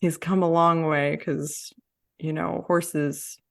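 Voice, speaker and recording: Woman podcast host, low voice, gravelly fry, reflective and chatty. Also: flat delivery, slow pace. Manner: warm, reflective, laughs often. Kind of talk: conversational podcast interview.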